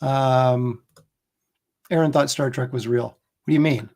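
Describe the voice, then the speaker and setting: A man's voice: mid-range voice, fairly even intonation, measured pace, darkish tone. A man hosting a casual livestream chat, telling rambling, jokey stories. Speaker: host.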